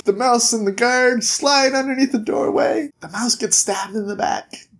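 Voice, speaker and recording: A host casually recapping a comic book issue in a video, animated and laughing often. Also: mid-range voice, normal speed.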